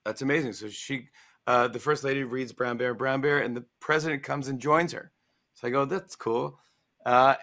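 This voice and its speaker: A man in his forties casually telling a funny anecdote, acting out the voices of the people he quotes. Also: medium pitch. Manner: animated storyteller, acts out quoted voices. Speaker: talk show guest, author. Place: promotional livestream interview.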